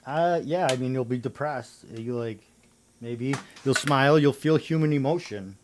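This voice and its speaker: A man's voice: mid-range voice, moderate pace, a little mellow, slight background noise. A man hosting a livestream, chatting casually in a rambling way, full of swearing and slang. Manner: rambling conspiracy talk. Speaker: livestream host.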